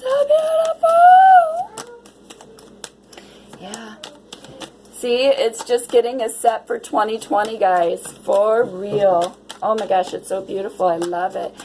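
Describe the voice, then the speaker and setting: A woman's voice: a little high, darkish tone, a little hiss or hum, poor audio. A woman giving a casual tarot reading to her viewers, dreamy and exclamatory. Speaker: tarot reader.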